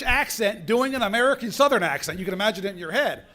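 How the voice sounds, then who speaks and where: A man's voice: high voice, fast talker. A man giving a storytelling speech at a business conference, acting out the dialogue he quotes. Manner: animated, acts out quoted dialogue. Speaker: keynote speaker. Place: conference hall.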